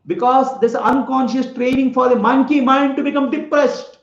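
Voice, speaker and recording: A man's voice: very high-pitched, steady tone, normal speed. A man giving a spiritual talk, telling a parable, asking his listeners questions and often laughing. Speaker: spiritual teacher. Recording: echoey room, slightly dull lo-fi sound.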